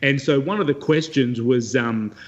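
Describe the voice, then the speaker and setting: A man's voice: medium pitch, normal speed, dull audio. A man, a regular guest from Australia, telling a rambling, self-mocking story in casual chat with many restarts.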